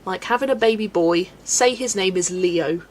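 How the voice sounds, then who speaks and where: A woman's voice: mid-range voice, moderate pace, a little mellow, a little hiss or hum, rough recording. A young woman chatting casually on a colouring livestream, answering chat and laughing often. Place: home room.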